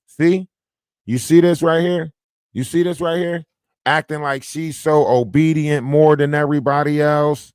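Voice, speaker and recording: A man's voice: fairly high pitch, fairly even intonation, measured pace, darkish tone, clean tone, no echo, clean studio sound. A man hosting a livestream, talking casually and reading out messages, with an insistent manner and frequent "right?" tags. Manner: insistent, keeps adding "right?". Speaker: livestream host.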